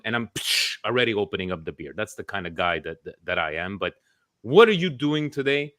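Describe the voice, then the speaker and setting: A man's voice: fairly low pitch, lively intonation, a little fast, a bit bright, no echo, studio quality. A man hosting a casual group video chat, chatty and teasing as he jumps between guests. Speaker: podcast host.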